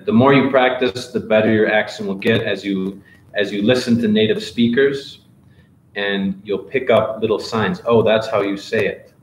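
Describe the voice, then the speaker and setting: A man teaches a live online English class, reading out questions and answering them in a relaxed, encouraging way. His voice sits low. The room around him is echoey, with faint hiss in the background. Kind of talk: live Q&A office hours.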